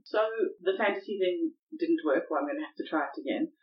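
A woman co-hosting a podcast in casual chat, self-deprecating and quick to laugh. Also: lowish voice, lo-fi sound, slight background noise. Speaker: podcast co-host.

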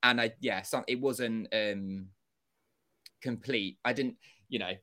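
A young man telling a story as an interview guest, animated and acting out quoted dialogue, with casual swearing. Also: medium pitch, slow pace. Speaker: interview guest, former contestant.

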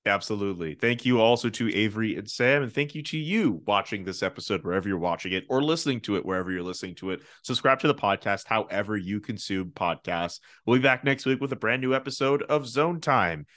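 Joking male podcast host with lively pitch. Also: fast talker, few pauses. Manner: joking, animated riffing. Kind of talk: casual chat.

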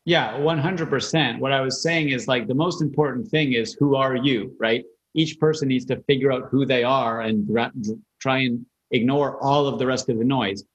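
A man in an ordinary middle-pitched voice hosts a relaxed talk. He speaks earnestly and picks up his guest's points in agreement. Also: normal speed, hardly any pauses, low-quality recording. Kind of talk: casual conversation.

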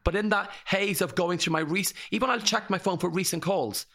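A man's voice: high-pitched, fairly quick, creaky, a bit bright. An Irish man in his forties, a guest telling personal stories openly and emotionally in an interview. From Ireland. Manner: open, tumbling storytelling.

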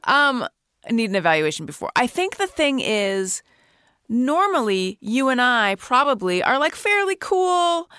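A woman's voice: a little high, very animated, a little slow, sharp tone, clear, resonant tone, no room sound. A woman hosting a casual podcast chat who listens, sympathizes and relates her own experience. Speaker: podcast host.

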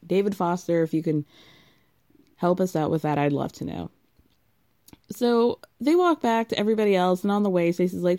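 A woman's voice: fairly low pitch, expressive, moderate pace, long pauses, mellow. A woman with a contralto voice giving a sarcastic, gossipy recap of a reality TV show in a casual way.

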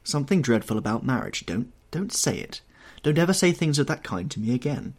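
A man voicing an impassioned, self-absorbed young English gentleman in an audiobook reading, with a husky tone and heightened emotional delivery. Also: medium pitch, big pitch swings, fairly quick. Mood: earnest.

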